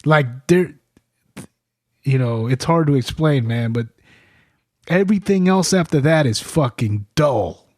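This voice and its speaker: A man's voice: medium pitch, expressive, unhurried, long pauses, a little mellow, no room sound, clean studio sound. A man, a military veteran guest on a podcast, telling his stories in a blunt, profane and emphatic way. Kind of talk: casual podcast chat. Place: studio.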